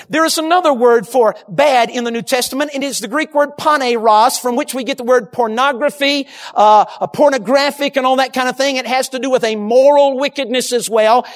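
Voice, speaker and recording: A man preaching a sermon, emphatic, swinging from loud shouted peaks to low hushed line endings.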